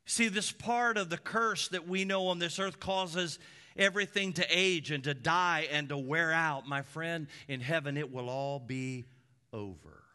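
A man preaching a sermon from the pulpit as a pastor, with emphatic repeated lists that swing between loud peaks and hushed drops. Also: on the high side, unhurried, clear, resonant tone.

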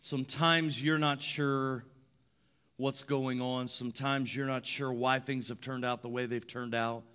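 A man preaching a sermon, moving from quiet, reflective phrases to loud, repeated, emphatic declarations. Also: mid-range voice, little pitch movement, measured pace, clear, resonant tone. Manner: repetitive, rhythmic emphasis. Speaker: pastor.

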